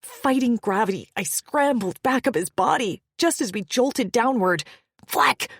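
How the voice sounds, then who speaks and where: A woman reading a first-person fantasy romance audiobook with dramatic delivery, turning breathless at the peaks and hushed in quiet moments. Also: fairly high pitch, animated, moderate pace, breathy edge. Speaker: audiobook narrator.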